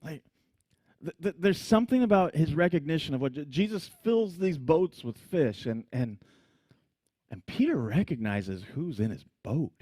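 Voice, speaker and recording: A man preaching a sermon, telling the story with animated energy, frequent laughs and acted-out scenes. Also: a little high, normal speed, slightly rough, dry recording. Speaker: pastor.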